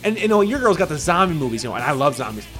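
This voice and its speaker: A man's voice: a little high, very animated, very fast, over music. A man in his forties, chatting casually as a podcast co-host, rambling and profane, with lots of restarts. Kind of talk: casual chat.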